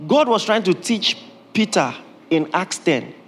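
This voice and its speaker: A man, preaching a sermon as pastor in a humorous, animated way, laughing often. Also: sits high, a little slow. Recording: long reverb of a hall, faint ambience.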